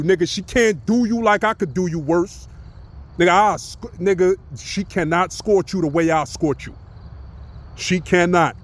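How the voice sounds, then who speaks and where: A man from Brooklyn rants in a fairly high voice. He is taunting and profane, roasting his target and keeps filling the gaps with "you know what I'm saying". The delivery is loose and repetitive, in the manner of a vlog. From Brooklyn, New York. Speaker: vlogger.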